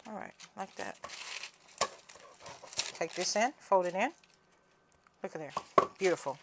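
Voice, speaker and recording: A woman's voice: lowish voice, lively intonation, takes it slowly, very noisy. A woman with a Southern US accent, chatting folksily through a home cooking demonstration and calling viewers honey and cousin.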